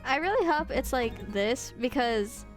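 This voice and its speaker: A young woman streamer hams up a Valley Girl voice, stretching every "like" as she reads out a game's dialogue. Her voice sits fairly high, with faint music playing behind her. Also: lively intonation, measured pace. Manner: put-on Valley Girl voice, drawling "like". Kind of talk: game playthrough, reading dialogue aloud.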